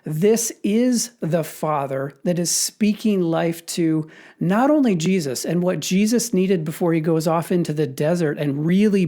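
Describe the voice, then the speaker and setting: A man's voice: fairly high pitch, mellow. Man, middle-aged, podcast host, earnest, heartfelt, casual talk. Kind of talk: casual faith-based conversation.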